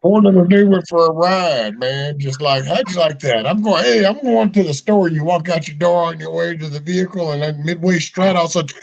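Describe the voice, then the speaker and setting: A man's voice: on the high side, fairly quick, gravelly, muffled recording. A man chatting casually with friends, swearing freely and acting out little scenes as he talks. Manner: animated, swearing, acts out scenes in a raised voice. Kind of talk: casual chat.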